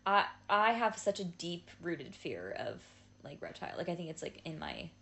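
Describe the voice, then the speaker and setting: A woman in her twenties with an American accent, co-hosting a podcast in casual chat, talkative and quick to laugh. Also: fairly low pitch, sing-song, vocal fry, a bit bright. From Washington, D.C. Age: 20s. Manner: chatty, laughs often, fillers like "like". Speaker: podcast co-host.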